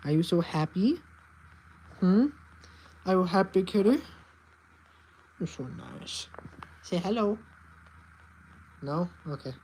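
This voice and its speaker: A woman's voice: on the low side, lively intonation, unhurried, long pauses, mellow, a little hiss or hum. A woman chatting casually to her cat in baby talk, cooing and meowing at it, in a vlog. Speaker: vlogger.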